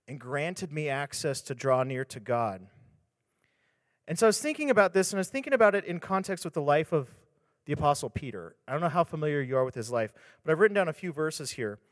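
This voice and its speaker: Pastor guy, kinda high voice, chatty and candid, long reverby tail on it. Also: clean studio sound. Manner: candid and conversational, with restarts and lively retelling. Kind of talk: casual devotional talk on scripture.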